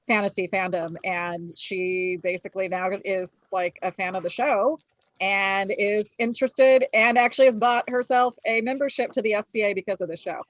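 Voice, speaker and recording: A woman's voice: mid-range voice, fairly even intonation, normal speed, no room sound. A woman co-hosting a podcast in casual chat. She rambles and restarts her sentences. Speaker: podcast co-host.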